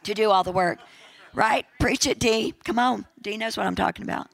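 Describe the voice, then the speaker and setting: A woman pastor with a raspy voice, giving a chatty, jokey sermon with church announcements and a closing prayer, repeating her points for emphasis. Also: mid-range voice, moderate pace, rough recording.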